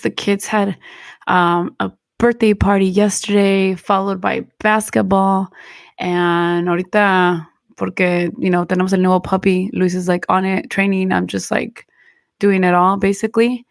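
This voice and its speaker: A woman's voice: medium pitch, level tone, a little slow, creaky, clean tone, dry recording, clean studio sound. Tired, chatty Mexican-American woman podcast host. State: tired, recovering from lost voice. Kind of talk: casual chat mixing English and Spanish.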